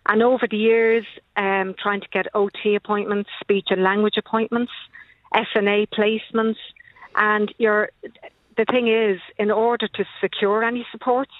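A woman's voice: medium pitch, dry recording. Irish woman caller on a tinny phone line. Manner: earnest, steady, disappointed. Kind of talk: casual phone-in chat.

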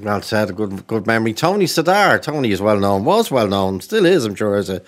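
Radio host with lively intonation. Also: male voice, on the low side, fairly quick. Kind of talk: hosting a radio phone-in.

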